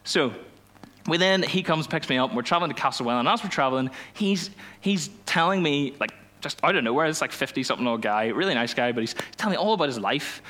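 A young man, a youth pastor telling a personal story in a sermon, animated and self-mocking, acting out the dialogue. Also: fairly high pitch, quick pace. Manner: animated storytelling, laughs at himself, acts out dialogue.

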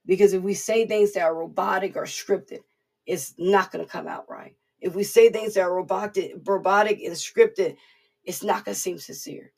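A woman's voice: medium pitch, fairly even intonation, moderate pace, gravelly, darkish tone, breathy edge. A woman giving an informal devotional sermon in an earnest, repetitive, conversational way. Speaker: preacher.

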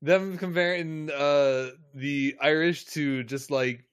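A man's voice: fairly high pitch, steady tone, takes it slowly, clear, resonant tone, no room sound, studio quality. A man co-hosting a podcast in casual chat, joking and often stumbling over repeated words. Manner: stammering, jokey, repeats words. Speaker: podcast co-host.

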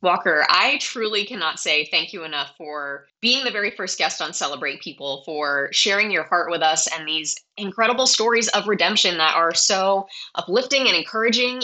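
A woman's voice: lowish voice, bright, forceful tone. A woman hosting a podcast, speaking in an effusive, gushing way to her guest. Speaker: podcast host. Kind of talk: warm podcast interview.

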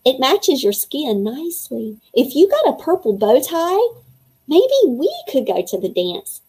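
A woman's voice: high voice, very animated, measured pace, mellow, voice pushed up. A woman voicing a nervous, awkward young male ghoul who casts spells, in a storybook reading.

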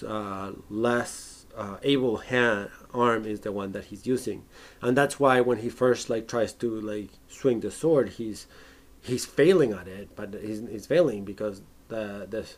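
A man in a casual film discussion podcast, animated, acting out scenes in exaggerated voices and laughing often. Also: medium pitch.

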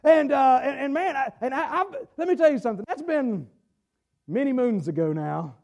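A man, preaching a fervent sermon with halting restarts and shouted bursts. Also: very high voice, expressive, creaky. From Southern United States. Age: 40s. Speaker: pastor.

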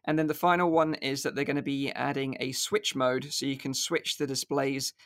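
A man's voice: mid-range voice, little pitch movement, normal speed, fairly bright tone, no room sound, clean studio sound. A man hosting a casual podcast about VR news, chatty and filler-heavy. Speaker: podcast host.

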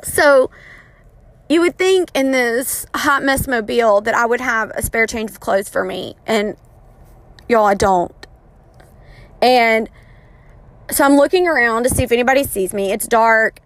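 A woman in her thirties recounts an embarrassing story in a chatty, casual manner, frequently poking fun at herself. Her voice is on the high side, her pace moderate, and her retelling animated.

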